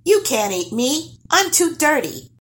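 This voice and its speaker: A woman's voice: high voice, very animated, takes it slowly, pitched above the performer's own voice, heavily acted. A woman voicing a plucky little boy gnome in a storybook read-aloud, piping and firm.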